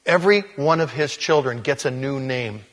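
A pastor preaching an expository sermon, animated, with sudden loud rises to stress words. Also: male voice, medium pitch, normal speed. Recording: long reverb of a large hall.

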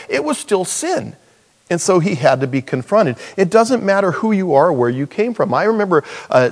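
A man preaching a sermon in a conversational, rambling way, full of restarts and asides. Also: a little high. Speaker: pastor.

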